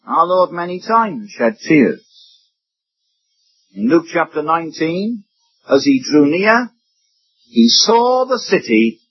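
Husky, high-voiced male preacher. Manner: emphatic, swings between rising and dropping voice. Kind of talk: sermon. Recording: dull lo-fi recording.

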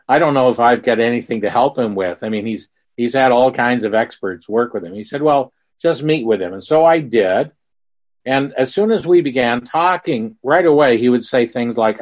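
A man preaching a sermon in a slow, earnest way, telling stories with quoted dialogue to make his point. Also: medium pitch. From Mississippi.

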